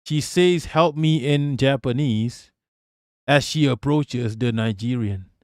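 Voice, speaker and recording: A man's voice: medium pitch, slow pace, darkish tone, no room sound, clean studio sound. A man commenting on a video clip during a live stream, blunt and profane, often repeating himself when worked up.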